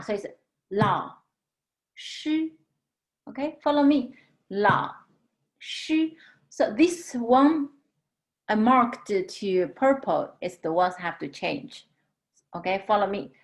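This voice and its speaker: A woman teaching a language lesson, patiently explaining tones and drawing out model words slowly. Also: mid-range voice. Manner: slow, patient, drawn-out model pronunciations.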